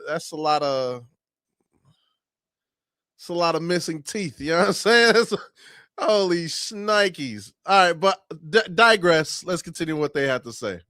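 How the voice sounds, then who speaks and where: A man's voice: on the high side, animated, measured pace, sharp tone, no room sound, clean studio sound. A man hosting a sports channel, giving casual, laughing, slang-filled reactions to a news clip.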